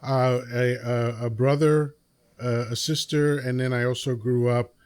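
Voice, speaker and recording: A man's voice: medium pitch, fairly even intonation, unhurried, darkish tone, clean tone. A man with a New York accent hosting a podcast interview, telling his stories in an easygoing, talkative way. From Dominican Republic. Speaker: podcast host. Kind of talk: casual interview chat.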